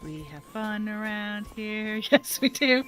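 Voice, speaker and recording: A woman's voice: mid-range voice, lively intonation, slow, a bit bright, soft background music. A woman livestreaming a game from home, chatting playfully and laughing often. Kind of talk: casual gameplay livestream chat.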